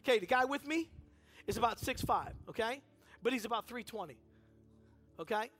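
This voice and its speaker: A man with a notably high-pitched voice preaches from a church stage. He tells his story in an energetic, chatty way, slipping into the voices of the people he describes. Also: normal speed. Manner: energetic and conversational, acts out dialogue in the story. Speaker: guest speaker at a church service. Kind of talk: animated sermon storytelling. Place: church sanctuary.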